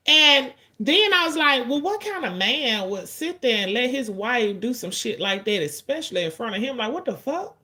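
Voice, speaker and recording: A woman, giving casual, blunt and profane commentary in an animated storytelling way. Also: on the high side.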